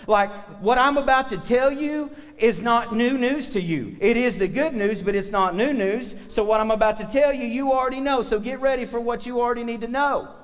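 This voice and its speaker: High-voiced pastor preaching in a reverberant hall. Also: male voice, animated, normal speed. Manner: conversational preaching, asks congregation for amens. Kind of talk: sermon.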